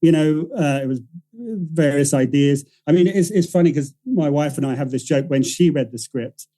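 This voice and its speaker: A man's voice: a little high, normal speed, dark tone, rough recording. A man, a writer-director guest on a podcast, telling a story in a rambling, self-correcting way and acting out the voices of the people he quotes. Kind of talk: casual podcast interview.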